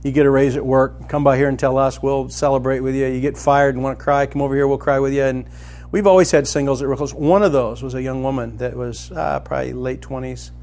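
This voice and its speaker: A middle-aged man preaching a sermon as a pastor, telling a personal story and climbing to loud, excited emphasis. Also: mid-range voice, fast, few pauses.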